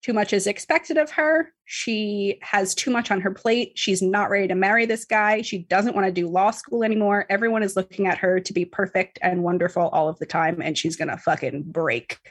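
A woman's voice: medium pitch, fairly even intonation, moderate pace, few pauses, husky. A woman casually recapping a story to a co-host, chatty, full of fillers and swearing. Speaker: podcast host recapping a book. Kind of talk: casual chat.

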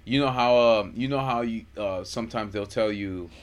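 A man's voice: on the low side, moderate pace, clean tone. A man co-hosting a podcast, chatting casually and laughing while he teases his co-host. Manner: laughing, teasing banter. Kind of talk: casual chat.

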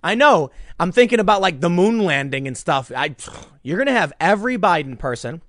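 Male political commentator with a high, swooping voice. Rambling, animated delivery with many restarts. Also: brisk, no echo, clean studio sound.

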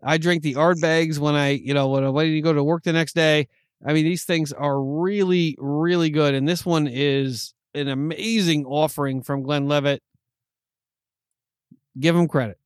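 A man's voice: fairly high pitch, fairly even intonation, normal speed, clear, resonant tone, no room sound, studio quality. A man co-hosting a podcast, chatting enthusiastically and rambling with restarts while tasting drinks. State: hiccuping. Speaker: podcast co-host. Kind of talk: casual chat.

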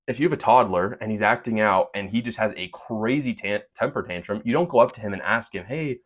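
A man hosting a podcast, speaking earnest, opinionated commentary with quick asides and fillers. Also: lowish voice, dull audio. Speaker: podcast host. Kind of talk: opinion monologue with sponsor read.

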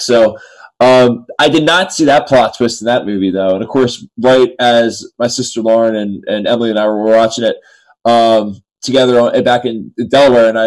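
A man's voice: mid-range voice, rough recording. A man co-hosting a sports talk show, joking and self-deprecating, his voice cracking now and then. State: voice keeps cracking. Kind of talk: casual sports chat.

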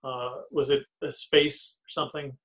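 A man who works in comics, talking casually and a bit haltingly on a podcast. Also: mid-range voice, flat delivery, fairly bright tone, husky, rough recording. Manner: chatty, halting with fillers and restarts. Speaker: comics creator and guest. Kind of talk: casual chat.

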